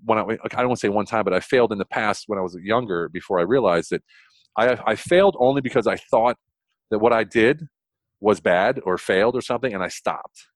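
A middle-aged American man, a consultant guest on a podcast, telling stories with lots of energy, restarting sentences and leaping up in pitch for emphasis. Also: no echo. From United States. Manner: fast, enthusiastic, frequent restarts, jumps high in pitch for emphasis. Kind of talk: animated storytelling interview.

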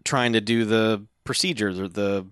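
A man's voice: on the low side, normal speed, a bit bright, clean tone, no echo, clean studio sound. Laid-back man recapping a movie. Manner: laid-back, short agreements, joking asides. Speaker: podcast co-host. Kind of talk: casual movie recap chat.

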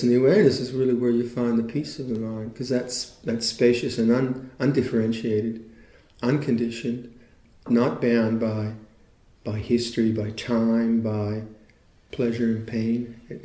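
A man, a meditation teacher, giving a reflective dharma talk in a thoughtful, unhurried, conversational way. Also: mid-range voice, warm tone, echoey room.

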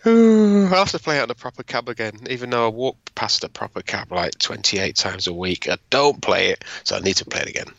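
A man's voice: mid-range voice, animated, creaky, fairly bright tone, lo-fi sound. A man with a Northern English accent co-hosting a podcast about retro arcade games, chatting casually and making jokes. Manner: jokey, rambling, quick to tease. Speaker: podcast co-host. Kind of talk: casual chat.

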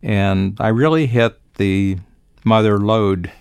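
A very low, gravelly voice belongs to an older man speaking with easy confidence on a business podcast. He talks in long, reflective stretches. The sound is close and dry, with no room around it. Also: slow pace, a little mellow, no echo. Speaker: business coach and podcast host. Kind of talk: conversational podcast talk.

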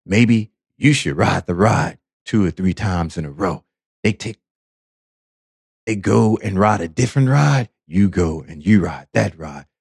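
A man delivers a slow, preachy monologue and keeps repeating his points for emphasis. His low voice is gravelly, and the sound is close and dry with no room echo. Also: expressive, darkish tone. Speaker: podcast host. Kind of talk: motivational monologue.

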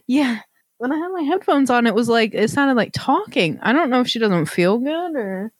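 A woman's voice: a little high, animated, normal speed, no echo, studio quality. A woman co-hosting a podcast, rambling in casual chat with lots of fillers. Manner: rambling, nervous, many fillers. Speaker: podcast co-host.

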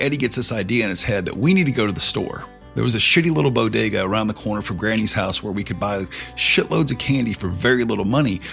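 A man's voice: on the low side, gravelly, fairly bright tone. A man telling a personal story in a casual, swearing, conversational way.

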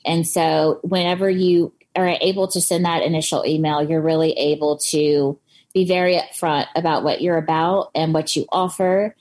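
A woman's voice: low-pitched, fairly even intonation, moderate pace, a little mellow. A woman being interviewed on a podcast about her photography business, speaking in an earnest, thoughtful way. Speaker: guest photographer.

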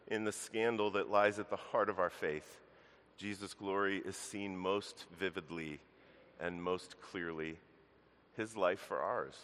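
A man's voice: lowish voice, fairly bright tone, in a large hall. A man pastor preaching a sermon in earnest, addressing the congregation directly as church. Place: church sanctuary.

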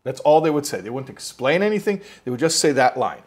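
A man with a husky, slightly breathy voice teaches an informal religious lesson. He rambles through a story with restarts and asides. He slips into little acted-out voices for the people in it, at a middle pitch. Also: fast. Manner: animated storytelling, acts out quotes.

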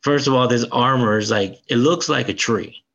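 A man co-hosting a casual podcast, excitedly recounting a film's plot and acting out the characters' lines. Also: medium pitch, moderate pace, gravelly, highs cut off. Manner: animated retelling, acts out character lines. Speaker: podcast co-host. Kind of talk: casual film review chat.

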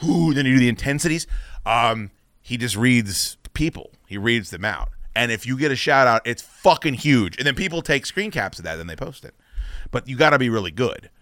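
Animated, bright-voiced male radio host. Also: medium pitch, a little fast, no echo. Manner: animated, profane, rambling. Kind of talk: casual radio talk.

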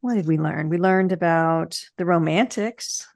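A woman's voice: fairly low pitch, a little mellow, dry recording, clean studio sound. A woman co-hosting a podcast, chatting casually about a movie with easy amusement. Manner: chatty, amused, quick to laugh. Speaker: podcast co-host. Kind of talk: casual movie recap chat.

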